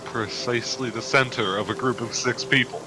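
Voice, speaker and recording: A man playing in a tabletop game, making dry, deadpan asides. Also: medium pitch, normal speed, noisy background. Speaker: player. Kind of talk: casual tabletop role-play chat.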